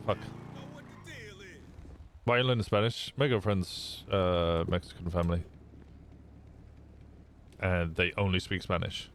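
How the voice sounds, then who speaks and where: This young streamer has a low, steady, fairly bright voice and a measured pace broken by long pauses. He talks casually to his chat, cursing frequently and stumbling as he restarts sentences, with noise behind him.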